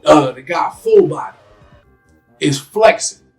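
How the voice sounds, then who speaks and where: A man hosting a casual podcast, telling stories in a loose, animated way and acting out scenes in quick voices. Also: a little high, creaky, soft background music, low-quality recording. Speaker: podcast host. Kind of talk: casual chat.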